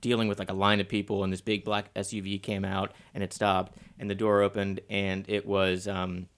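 A man's voice: lowish voice, moderate pace, background noise. A man hosting a podcast, chatting casually and telling stories with acted-out voices. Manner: lively storyteller, acts out voices. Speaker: podcast host. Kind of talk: casual interview chat.

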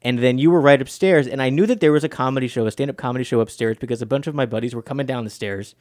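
A man's voice: medium pitch, very fast, a little mellow, no room sound. A man hosting a comedy podcast from an office, chatting casually in a rambling, self-deprecating way with many fillers. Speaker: podcast host. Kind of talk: casual interview chat. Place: office in Lower Manhattan.

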